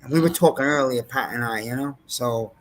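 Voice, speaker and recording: A man's voice: medium pitch, fairly quick. A man in casual chat who rants bluntly about how things used to be. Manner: blunt, old-school ranting.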